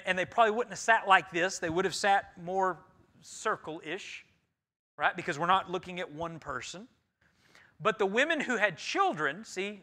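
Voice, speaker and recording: A man with a Texan accent preaching a conversational sermon in a church, lively and playful, teasing the congregation and speaking to them directly. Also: sits high. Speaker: pastor. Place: church sanctuary.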